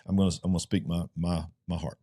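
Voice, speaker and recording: A man's voice: sits low, level tone, fast talker, dark tone. A man co-hosting a Christian ministry show, reviewing a film in casual chat and speaking emphatically, often repeating words as he gets going.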